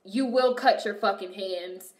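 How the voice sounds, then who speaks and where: A young woman streaming and chatting casually with her viewers, telling animated stories full of swearing. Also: mid-range voice, measured pace. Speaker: streamer reacting to a movie and reading chat. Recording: echoey room.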